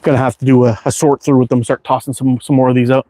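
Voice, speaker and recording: A man's voice: mid-range voice, flat delivery, quick pace, warm tone. Tired, easygoing man hosting a live chat. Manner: easygoing, rambling, many fillers and restarts. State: tired, worn out. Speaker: livestream host reading viewer chat. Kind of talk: casual live chat while target shooting.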